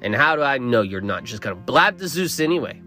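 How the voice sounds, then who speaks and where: A man's voice: mid-range voice, sing-song, a little fast, bright, forceful tone, faint music behind. A man voicing a coarse, menacing sheriff who mocks and growls. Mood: mocking menacing. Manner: mocking, growling, crude.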